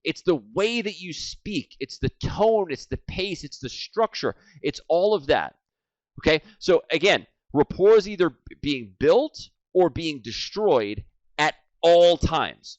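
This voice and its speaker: A man in his forties teaching sales, energetic and animated, swinging from loud and hyped to low and quiet. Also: unhurried, dry recording. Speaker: sales trainer. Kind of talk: energetic training talk. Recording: dry, slightly dull lo-fi sound.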